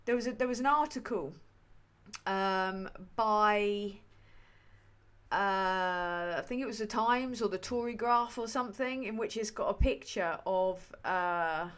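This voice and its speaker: A woman's voice: mid-range voice, measured pace, a bit bright, clear, resonant tone. A woman hosting a livestream, chatting casually about politics in a sweary, rambling, sardonic way full of fillers. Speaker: livestream host.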